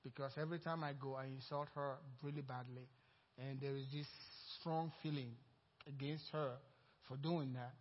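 A man's voice: medium pitch, normal speed, long reverb tail, dull audio. A Nigerian-accented man preaching a sermon, telling a personal story and acting out the dialogue. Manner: storytelling, acting out quoted dialogue, growing louder and more excited. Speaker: pastor.

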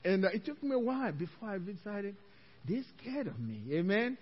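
A male pastor preaching a sermon, telling a story with animated delivery and frequent laughter. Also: high-pitched, moderate pace, breathy edge, in a large hall, highs cut off.

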